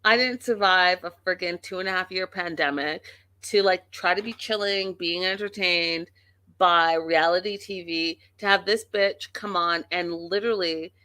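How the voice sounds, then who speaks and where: A woman's voice: fairly low pitch, moderate pace, bright, forceful tone, no echo. A woman hosting a casual reality TV recap, talking bluntly and emphatically with plenty of profanity. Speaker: show host.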